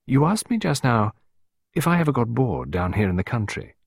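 A man's voice: medium pitch, very animated, moderate pace, vocal fry, breathy edge, dry recording, clean studio sound, pitched above the performer's own voice, full character voice. A man reading an audiobook, voicing a playful, teasing young woman with a light, coquettish manner. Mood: coy.

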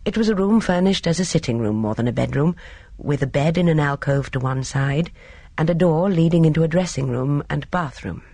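An audiobook reader doing steady, measured narration of a mystery novel on a close studio mic. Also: mid-range voice, husky, no echo. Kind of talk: scripted narration.

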